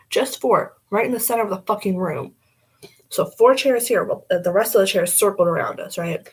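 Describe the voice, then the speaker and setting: Husky young woman chatting bluntly. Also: medium pitch, rough recording. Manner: blunt, swears a lot, rambling. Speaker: vlogger. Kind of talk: casual makeup chat.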